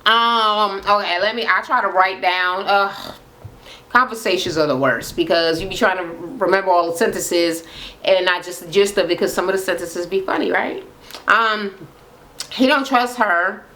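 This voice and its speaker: A woman's voice: medium pitch, moderate pace, rough recording. A woman recapping a reality show in a casual, profane rant, acting out the cast's lines. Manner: animated, profane, acts out quotes.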